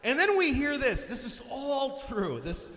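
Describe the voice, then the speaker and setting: A man telling a story in stand-up, animated and profane, shouting the big moments. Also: very high voice, a little slow, in a large hall, a little hiss or hum. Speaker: stand-up comedian.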